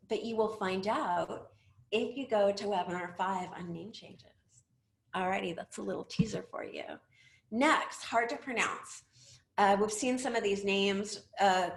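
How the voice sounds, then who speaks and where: Woman, middle-aged, chatty webinar talk, asks lots of questions, echoey room. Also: mid-range voice. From United States. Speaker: webinar presenter. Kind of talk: presentation talk.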